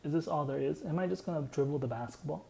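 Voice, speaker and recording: A man's voice: a little high, quick pace, gravelly, a little mellow, slight background noise, low-quality recording. A young man casually explaining his own song in a loose, rambling way, full of "like" fillers.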